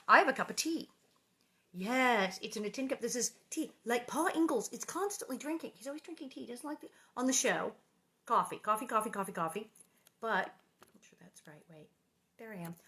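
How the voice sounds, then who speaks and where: A woman's voice: on the high side, expressive, brisk, a bit bright. Bubbly, chatty woman livestreaming from home. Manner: chatty, bubbly, rambling asides. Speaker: livestream host reading aloud. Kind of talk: casual livestream chat. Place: living room at home.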